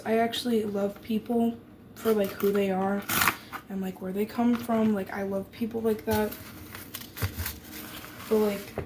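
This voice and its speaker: A teenage girl from Germany, chatting casually and rambling while she bakes, full of fillers and sarcastic asides. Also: a little high. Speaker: vlogger. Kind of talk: casual chat while baking. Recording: echoey room with noisy background.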